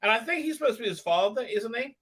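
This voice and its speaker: A man hosting a live stream, recapping an episode in a rambling, profane rant, stammering through fillers and mocking the characters in quick put-on voices. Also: very high voice, animated, a bit bright.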